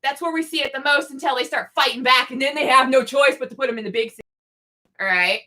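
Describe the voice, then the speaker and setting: High, bright-voiced woman on a profane rant. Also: fast. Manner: angry, sarcastic, swearing constantly, often shouting. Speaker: podcast co-host.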